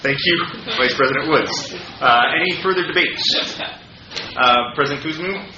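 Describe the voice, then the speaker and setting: A man's voice: on the high side, moderate pace. A man chairing a student council meeting, procedural with many fillers and restarts. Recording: roomy, dull, noisy meeting room.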